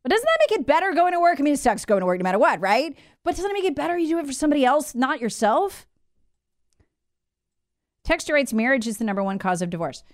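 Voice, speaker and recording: A woman's voice: sits high, fast, no room sound, clean studio sound. A woman hosting a talk show, delivering an emphatic, opinionated monologue and reading out listener comments. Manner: animated, conversational, emphatic.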